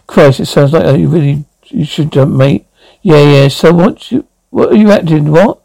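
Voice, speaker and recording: A man's voice: on the high side, normal speed, vocal fry, mellow, low-quality recording. An actor playing a blunt, sweary man in an audio comedy drama. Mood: offhand.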